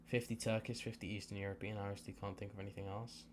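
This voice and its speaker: A young man hosting a live watch-along stream, chatting loosely and circling back over his own words. His voice sits a little low, with a faint hiss of background noise. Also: level tone, very fast, few pauses. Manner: chatty and rambling, repeats himself.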